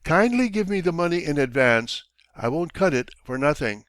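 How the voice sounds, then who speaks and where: A man's voice: on the high side, animated, normal speed, a bit bright, no echo, pitched above the performer's own voice. A man reading an audiobook, voicing a timid young barber who stammers and pleads. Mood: cold. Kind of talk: audiobook character voice.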